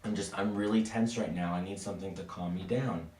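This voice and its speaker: A man's voice: steady tone, fairly quick, darkish tone, a little hiss or hum, natural voice. A man voicing a nervous, asthmatic young woman who panics easily, in a spoken spooky story. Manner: frantic, high-pitched pleading. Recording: echoey room, mic at a distance.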